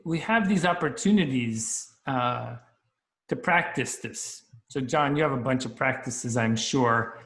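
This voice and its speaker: A man co-hosting a podcast who asks questions in a friendly, chatty way. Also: mid-range voice. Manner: friendly and chatty, uses filler like "sort of" and "right?". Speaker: podcast co-host. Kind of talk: casual interview questions. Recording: roomy echo.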